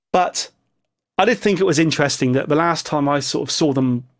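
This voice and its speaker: Male vlogger, rambling and jokey, fairly high pitch, casual asides. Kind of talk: casual opinion vlog commentary.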